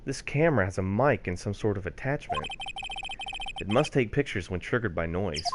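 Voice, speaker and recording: A man's voice: lowish voice, expressive, normal speed, noisy background, close to an everyday voice. A man voicing a flustered young male defense lawyer who mutters and stammers. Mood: observing. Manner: hesitant, mumbling, stammering. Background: background music.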